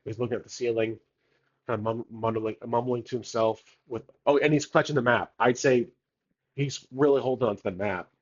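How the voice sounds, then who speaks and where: Man narrating solo tabletop game, rambling casual delivery, mid pitch, slightly muffled. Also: steady tone, brisk. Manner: rambling, thinking aloud with many fillers.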